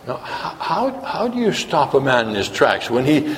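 A man's voice: mid-range voice, huge pitch swings, normal speed. A man preaching a sermon, asking his listeners questions and acting out quotes as he goes. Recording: long hall reverb.

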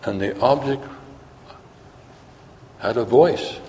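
A man's voice: medium pitch, slow pace, a little mellow, slight background noise. A man preaching a sermon, asking his listeners questions and acting out quotes as he goes. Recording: long hall reverb.

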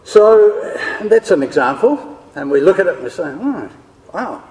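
A man's voice: sits high, expressive, moderate pace, darkish tone. A man teaching a Bible class, explaining ideas step by step and checking in with his listeners. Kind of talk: scripture lecture to a class. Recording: long hall reverb.

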